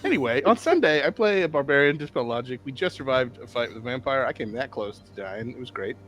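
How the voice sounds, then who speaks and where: A man's voice: mid-range voice, expressive, quick pace, a bit bright. A man chatting casually as a player in a tabletop game, joking and rambling.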